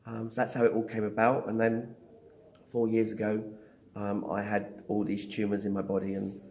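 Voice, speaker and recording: A middle-aged man who works as a psychic medium tells his story in an interview, speaking at a moderate pace in a lowish voice. He is an animated storyteller who acts out dialogue, hesitating with lots of ums.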